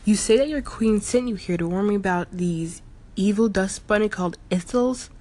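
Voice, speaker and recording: A woman's voice: medium pitch, moderate pace, a little mellow, close to an everyday voice. A woman voicing a wary, protective male house cat. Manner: anxious, questioning, stubborn.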